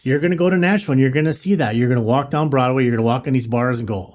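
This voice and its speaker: A man co-hosts a podcast in an easygoing, motivational way. He speaks straight to the listener and sounds sincere. His voice has an average pitch. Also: racing, hardly any pauses, darkish tone. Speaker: podcast co-host. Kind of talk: casual conversation.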